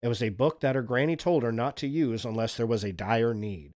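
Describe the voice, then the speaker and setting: A man hosting a livestream, telling spooky folk legends in a relaxed, chatty way and swearing casually. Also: mid-range voice, a little fast. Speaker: streamer, host.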